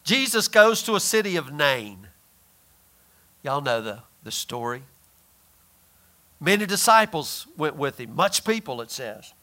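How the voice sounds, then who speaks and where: A man delivers a sermon, posing questions to his listeners and answering them himself while drawing out certain phrases slowly for emphasis. His voice sits on the high side, very animated with a sharp edge.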